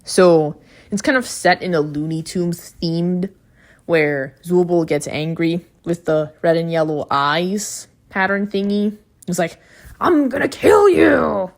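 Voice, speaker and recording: Woman chatting through an episode review, kinda low voice, blunt and swears a lot. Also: slow pace. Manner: chatty recap, blunt and profane reactions. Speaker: video reviewer.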